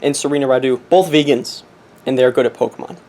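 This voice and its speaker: A man's voice: mid-range voice, fast, a little mellow. Young man in a silly put-on accent. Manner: jokey, mock-preachy, laughs at himself. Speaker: competitive game player vlogging. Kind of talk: casual comedic monologue. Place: his apartment, indoors.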